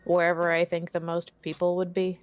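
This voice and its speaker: A woman's voice: fairly low pitch, completely flat delivery, brisk. A woman taking part as a player in a tabletop game, direct and questioning. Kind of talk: casual tabletop play.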